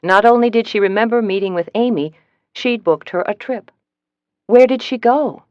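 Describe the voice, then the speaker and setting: A woman narrating a first-person mystery audiobook in a measured, even storytelling manner. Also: a little high, dry recording, lo-fi sound.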